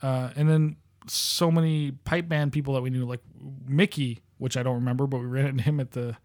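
A man's voice: mid-range voice, fairly even intonation, brisk, a little mellow. A man co-hosting a podcast in casual chat, easygoing, laughing often and swearing now and then. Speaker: podcast co-host.

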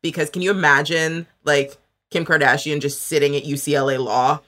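Bright-voiced woman giving frank opinions. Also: deep voice, fairly even intonation. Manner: frank, opinionated, quick asides. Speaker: podcast guest. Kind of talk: casual podcast chat.

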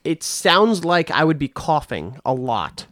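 A man guesting in a casual chat, jokey and quick to laugh. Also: fairly high pitch, sing-song, fairly bright tone, dry recording, clean studio sound.

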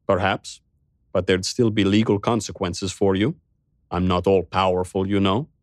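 A man's voice: deep voice, steady tone, normal speed, no room sound, studio quality, close to an everyday voice. A man voicing a rich and powerful madman who speaks sternly and scoldingly, with fear underneath. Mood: cool.

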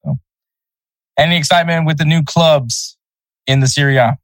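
A man co-hosting a casual soccer podcast, relaxed and easygoing, chuckling over tricky team names. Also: fairly high pitch, normal speed, no room sound, rough recording. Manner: laid-back, chuckles over name pronunciations. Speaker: podcast co-host.

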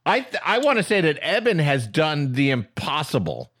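Animated, high-voiced comedic male co-host. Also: moderate pace. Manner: playfully indignant, laughing often. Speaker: podcast co-host. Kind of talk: comedic banter.

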